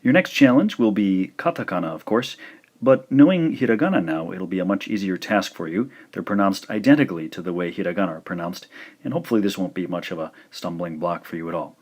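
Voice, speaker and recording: Low-voiced man teaching pronunciation slowly. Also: a little mellow. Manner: slow, careful demonstrations with repeated words. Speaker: language teacher. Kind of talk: scripted lesson narration.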